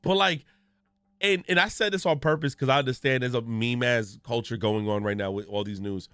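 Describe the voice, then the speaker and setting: A man's voice: mid-range voice, brisk, fairly bright tone, smooth, no echo, clean studio sound, soft background music. A man, a gaming streamer, giving ranting news commentary in a profane, storytelling way with exaggerated reactions.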